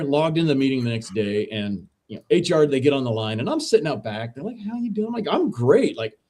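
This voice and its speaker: Laid-back mellow-voiced man telling a story. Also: on the high side. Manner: laid-back, profane, says dude a lot. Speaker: veteran podcast co-host, guest. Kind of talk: casual storytelling.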